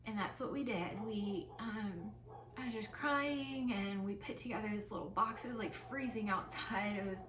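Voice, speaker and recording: A young woman vlogger telling a personal story in a soft, tearful voice, with lots of filler words. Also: mid-range voice, normal speed, background noise. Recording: roomy, slightly distant mic with soft music.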